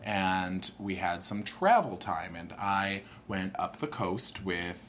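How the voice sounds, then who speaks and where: A young man telling a long personal story in casual chat, animated and jumping into higher voices when he quotes people. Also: slow, a little hiss or hum.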